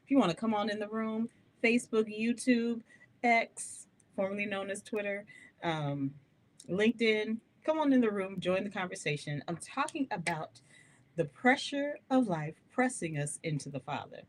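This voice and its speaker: A woman hosting a gospel radio show, live-streamed to her listeners. Her talk is animated, candid and chatty. She laughs often between thoughts. Her voice sits at an ordinary middle pitch for a woman. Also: normal speed, a little hiss or hum.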